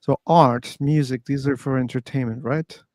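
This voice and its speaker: A man's voice: mid-range voice, steady tone, normal speed, a little mellow, no echo. A man hosting a casual online debate, patiently explaining his points and steering the talk back to the topic. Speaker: discussion host. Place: online voice chat room.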